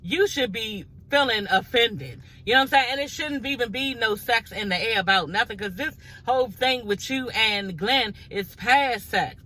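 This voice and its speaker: A woman's voice: a little high, normal speed, few pauses, bright, forceful tone, rough recording. A woman recapping a reality show in a casual gossip vlog, blunt and profane, talking straight to her viewers.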